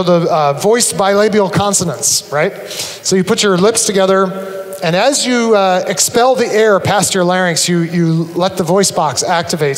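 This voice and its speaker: A man giving a live conference talk to an audience, animated and humorous, acting out his examples as he explains. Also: high voice. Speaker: conference speaker. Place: large auditorium. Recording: long reverb of a large hall.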